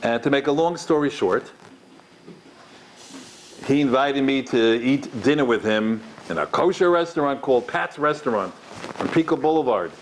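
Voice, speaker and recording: A man's voice: medium pitch, animated, normal speed, slight background noise. A man who is a rabbi, giving a lecture with stories and acting out the dialogue, recorded on a microphone in a community hall. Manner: acts out dialogue in his stories. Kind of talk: lively lecture with storytelling.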